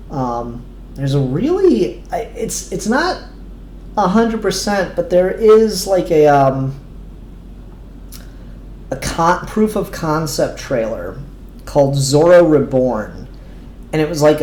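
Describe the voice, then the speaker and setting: A man's voice: on the high side, warm tone, slight background noise. A man reviewing comics in a casual chat, rambling with lots of ums and restarts and casual swearing. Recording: echoey room with faint ambience.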